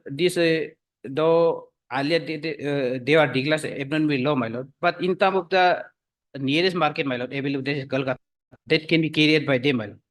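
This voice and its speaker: A man arguing before a judge in a courtroom, halting with many fillers and addressing the bench as "my lord" again and again. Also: on the high side, a bit bright. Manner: hesitant, full of fillers, repeats "my lord" constantly. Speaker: advocate for the government. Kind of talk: courtroom argument.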